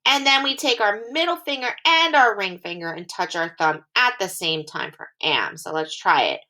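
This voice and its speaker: A woman teacher giving a phonics lesson to young children, speaking slowly and clearly in a sing-song way. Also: mid-range voice, lively intonation, bright, forceful tone.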